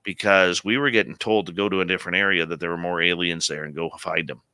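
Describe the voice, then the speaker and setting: A man in his late forties hosting a live radio show, telling a story in an animated, conversational way. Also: deep voice, fast, smooth, no echo. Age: late 40s.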